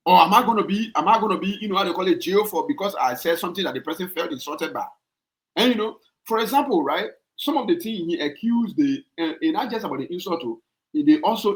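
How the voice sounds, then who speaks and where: A man with a Liberian English accent hosting a podcast and arguing his point, repeating himself and jumping up high when worked up. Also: low-quality recording. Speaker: podcast host. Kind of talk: heated podcast debate.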